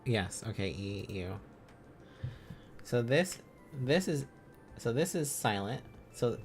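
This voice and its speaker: A man streaming casually, thinking aloud as he learns, sounding out syllables and chuckling often. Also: mid-range voice.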